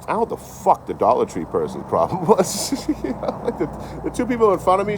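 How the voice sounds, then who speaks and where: A man's voice: on the high side, very animated, fast, noisy background. A young man telling rambling, profane travel stories in a casual live chat. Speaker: train-hopping traveler vlogger.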